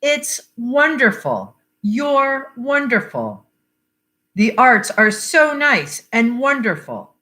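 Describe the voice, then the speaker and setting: A woman's voice: medium pitch, very animated, takes it slowly, pushed and bright, exaggerated voice. Woman reading as a blunt grieving father. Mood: bitter. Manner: blunt, swears, wry about odds. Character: grieving middle-aged father, blunt and bitter.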